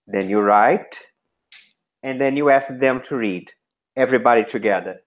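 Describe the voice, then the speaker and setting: A man with a medium-pitched voice gives feedback to a trainee teacher. He models classroom instructions in short, deliberate chunks.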